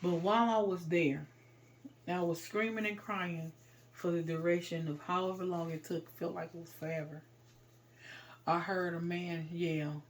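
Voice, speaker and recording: A woman's voice: lowish voice, steady tone, moderate pace. Woman telling a raw personal story. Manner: raw and emotional, loud when reliving moments; informal, vernacular speech.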